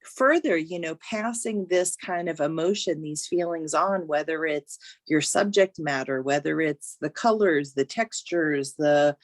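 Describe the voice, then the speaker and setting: Woman workshop leader on a video call, lowish voice, dry close sound, soft and earnest. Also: unhurried, few pauses, no room sound. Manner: earnest, gently encouraging, many "you know" fillers. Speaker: creative writing workshop leader. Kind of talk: encouraging workshop talk.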